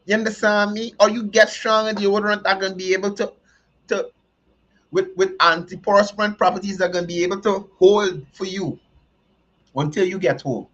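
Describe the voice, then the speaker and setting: A show host with a high, fairly bright voice speaks at a normal speed in a steady tone. He delivers emphatic, joking commentary, repeating his points. The recording sounds dull and lo-fi.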